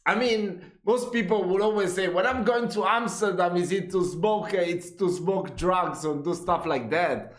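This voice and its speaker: Young Italian guy with an accent, host of a casual reaction vlog: animated, higher pitch, roomy echo. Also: normal speed. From Italy. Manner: animated, laughs often, excitable.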